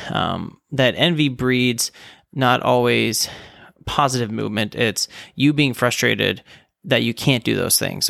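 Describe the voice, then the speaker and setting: A man talks through his podcast episode in a relaxed, conversational way, stopping to correct himself now and then. His mid-range voice has a gravelly texture. The sound is dry and close. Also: medium pitch, no echo. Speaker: podcast host. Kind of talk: casual solo podcast talk.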